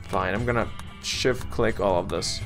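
A man casually commenting on his game, coaxing his colonists, grumbling and swearing at setbacks, and clearing his throat now and then. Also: lowish voice, unhurried, a bit bright, soft background music. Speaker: let's play gamer.

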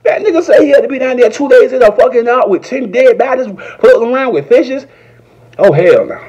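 A man doing a profane, rambling comedy rant that jumps into high, shouted quotes. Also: lively intonation, a little fast, slightly rough, dull audio. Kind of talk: stand-up style comedy rant.

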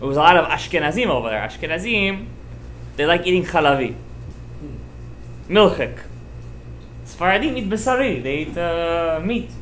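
A man, a rabbi giving an informal sermon, telling stories with emphatic, animated delivery and sprinkling in Hebrew and Yiddish terms. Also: fairly high pitch, moderate pace, long pauses, slight background noise. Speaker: rabbi giving a Torah class. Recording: roomy echoey room.

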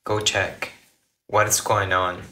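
A man's voice: fairly low pitch, little pitch movement, takes it slowly, sharp tone, roomy sound, a little hiss or hum. A man chatting casually with viewers on a livestream, rambling and restarting his phrases as he reacts to comments. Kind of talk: casual live chat with viewers.

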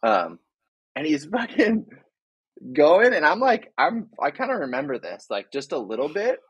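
A man's voice: on the high side, wildly swooping pitch, moderate pace, breathy edge, dry recording, highs cut off. A young man, a surfer guest on a podcast, talking in a loose, laid-back way with lots of fillers. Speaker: guest, big wave surfer. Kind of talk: casual interview chat.

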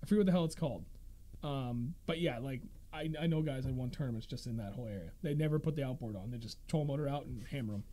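A man in his thirties hosting a fishing podcast, telling stories in a casual, animated way and laughing often. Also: mid-range voice, fast talker. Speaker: podcast host. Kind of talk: casual chat.

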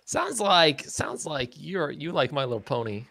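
Excitable young man ranting on stream. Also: fairly high pitch, a little slow. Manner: excitable, rambling, puts on silly voices while ranting. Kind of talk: casual gaming stream chat.

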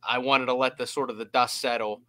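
Bright-voiced man telling animated stories. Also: mid-range voice, fairly quick, dry recording. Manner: animated storyteller who slips into impressions and laughs. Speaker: podcast co-host, former team staffer. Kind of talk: casual storytelling chat.

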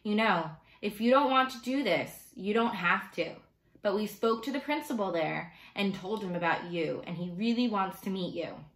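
A woman reading aloud as a gentle, coaxing mother who reassures her son. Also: mid-range voice, moderate pace, roomy sound, natural voice, poor audio.

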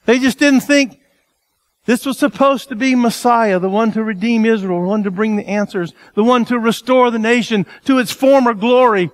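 A male pastor preaching a sermon in an animated, conversational way, asking the congregation rhetorical questions. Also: extremely high pitch, moderate pace, no room sound.

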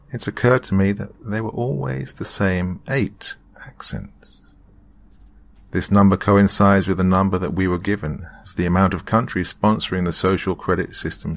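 A man giving a slow, dramatic scripted horror narration that drops into whispers for effect. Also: low voice.

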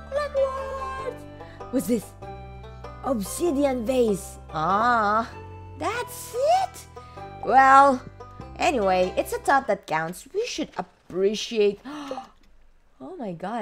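A woman hosting a let's play, chatting to her viewers in a chatty, exclaiming way with frequent gasps. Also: medium pitch. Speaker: gaming channel host.

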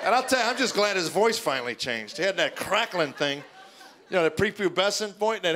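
A middle-aged man doing stand-up, telling deadpan stories and acting out his kids' voices before a live audience. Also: high voice, brisk, crowd noise. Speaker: stand-up comedian. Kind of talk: stand-up comedy routine. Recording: live show with audience noise.

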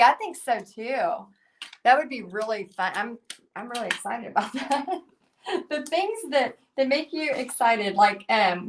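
A woman's voice: high voice, fairly bright tone. A middle-aged woman, chatting in a bubbly way as she runs a live painting lesson and reads out viewer comments. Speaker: painting instructor. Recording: voice a bit distant from mic.

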